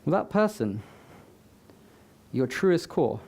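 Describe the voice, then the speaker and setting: A man's voice: fairly high pitch, sing-song, slow pace, gravelly, a little mellow, slightly rough. A man giving a motivational talk to a live audience, conversational, with joking asides to the crowd. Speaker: summit speaker. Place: live event before an audience.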